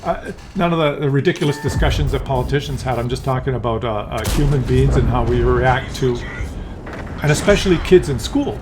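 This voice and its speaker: A man with a medium-pitched voice talks briskly over background music in a casual video commentary. He's a rambling YouTube commentator, conversational and full of hesitant fillers and restarts, who briefly slips into acted voices to give examples.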